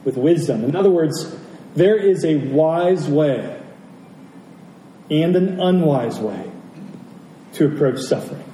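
A man's voice: on the high side, expressive, takes it slowly, pauses often, warm tone, slight background noise. A man preaching a sermon as pastor, emphatic, asking rhetorical questions and repeating key phrases. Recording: roomy, distant from the mic, faint ambience.

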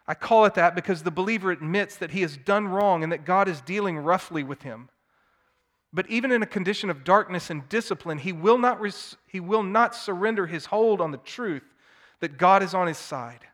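A man preaching a sermon, swinging from hushed tones to loud, emphatic declamation. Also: high voice, normal speed. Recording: long hall reverb.

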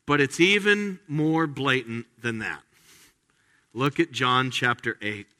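Male pastor, animated sermon delivery, bright tone, big reverberant hall. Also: mid-range voice, takes it slowly. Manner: animated preaching with quoted voices.

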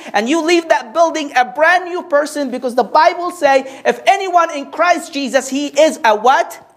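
A woman preacher delivering a sermon, asking rhetorical questions and drawing the congregation in with call-and-response. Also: high-pitched.

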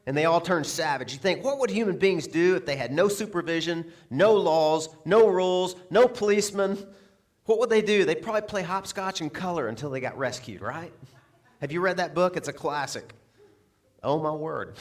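A male pastor delivers a sermon with a slightly higher-than-usual voice. He keeps it lively, throwing out rhetorical questions and little laughs as he builds his points. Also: normal speed.

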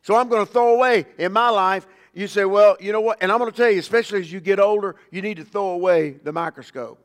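High-voiced pastor preaching. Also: male voice, fast talker, long reverb tail. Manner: folksy preaching, swells loud on scripture, drops low and soft for asides. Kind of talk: sermon.

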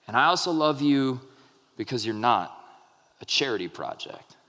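A man in his thirties preaching a sermon, telling a story in a relaxed, conversational way with many fillers and restarts. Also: medium pitch, a little slow, slight background noise. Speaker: pastor. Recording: long hall reverb.

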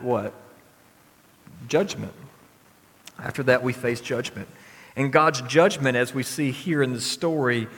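A man's voice: mid-range voice, fairly bright tone, in a large hall. A man preaching a sermon as pastor, talking casually with frequent restarts and filler words.

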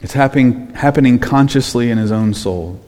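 A man preaching a sermon, emphatic, dropping to hushed low phrases and then rising to loud ones. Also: moderate pace. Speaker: pastor. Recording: long hall reverb.

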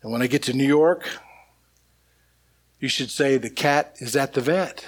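A man voicing an exasperated wife who lectures her husband on breaking bad news slowly. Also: medium pitch, breathy edge.

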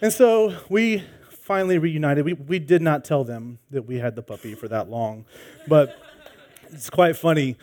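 A man preaching a sermon as pastor, opening with a lively personal story and acting out the voices in it. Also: fairly high pitch, normal speed. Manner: animated storytelling, acts out voices.

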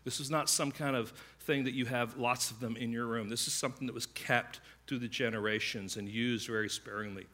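A man preaching a sermon, telling stories in a conversational way and acting out the voices of the people in them. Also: medium pitch. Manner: conversational, animated storytelling with quick asides; acts out quoted voices. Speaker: pastor.

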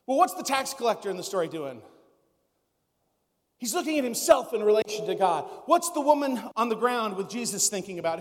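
A man's voice: extremely high pitch, in a large hall. A man preaching a sermon as a pastor, conversational, with many rhetorical questions.

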